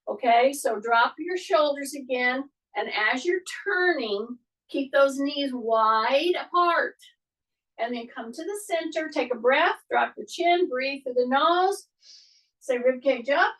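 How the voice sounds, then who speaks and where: A woman's voice: high voice, a bit bright, far from the mic, low-quality recording. A woman fitness instructor leading an exercise class, giving step-by-step cues and often checking in with "okay?".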